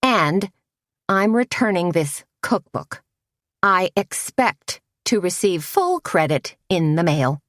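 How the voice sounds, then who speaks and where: A woman's voice: fairly low pitch, big pitch swings, slow, a bit bright, no room sound, clean studio sound, pitched above the performer's own voice, exaggerated voice. Woman voicing a haughty, disapproving committee lady. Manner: stiff, disapproving.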